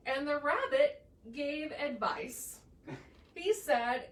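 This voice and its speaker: A high-voiced woman reads a children's story with lively, swooping intonation and an unhurried pace. She sounds playful and animated, picked up from some distance in an echoey room with faint background noise. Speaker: church staff member reading to children. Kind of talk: children's story read-aloud.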